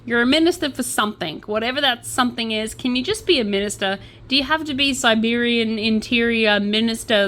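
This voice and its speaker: A woman's voice: on the high side, fairly quick, few pauses, a bit bright. A woman hosting a casual podcast, reading news stories aloud in a chatty, self-deprecating way and stumbling over hard names. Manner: crochets while talking. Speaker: podcast host.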